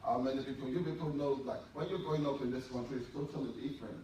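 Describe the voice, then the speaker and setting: A man's voice: mid-range voice, quick pace, dark tone, recorded from a distance. A man with a Nigerian accent performing a stand-up comedy set, animatedly telling stories and acting out his mother. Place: event hall with a live audience. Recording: echoey hall recorded from afar, crowd and noise. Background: audience laughter.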